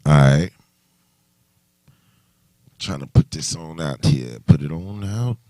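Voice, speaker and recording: A man's voice: a bass voice, slow, dark tone, no echo. A man hosting a casual livestream chat, talking loosely and rambling with many restarts. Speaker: livestream host.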